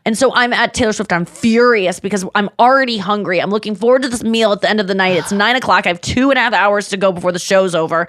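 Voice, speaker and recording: A woman's voice: medium pitch, no echo. Woman podcast host in dry close chat. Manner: animated storytelling, quick laughs, swears. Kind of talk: casual chat.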